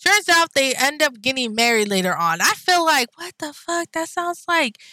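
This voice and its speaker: A young woman chats casually to her viewers, looping through fillers and asides. Her voice sits a little high and sounds bright and forward. The sound is dry and close, with blunt, profane outbursts when she gets worked up. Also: very animated, moderate pace, no room sound. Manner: rambling, chatty, full of fillers and asides to viewers. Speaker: vlogger. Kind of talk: casual anime chat.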